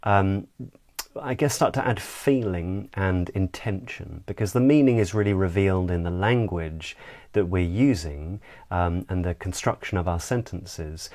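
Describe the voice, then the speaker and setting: A man, a voice coach, giving a measured, explanatory lesson on intonation. He demonstrates pitch glides with sung sounds as he explains. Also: darkish tone. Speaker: voice and speech coach.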